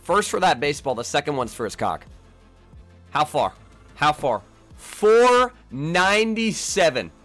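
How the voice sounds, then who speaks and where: A young man giving live, trash-talking commentary on his own baseball video game, jumping between low mutters and sudden yells. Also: sing-song, normal speed, long pauses, soft background music. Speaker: gaming YouTuber.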